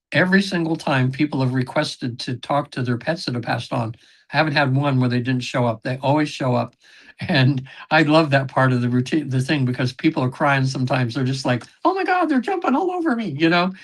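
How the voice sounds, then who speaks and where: A man talking at a middle pitch, rambling through stories with lots of "you know" and "um". He clears his throat often and acts out what other people said. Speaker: podcast guest, regression session facilitator. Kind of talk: casual interview storytelling.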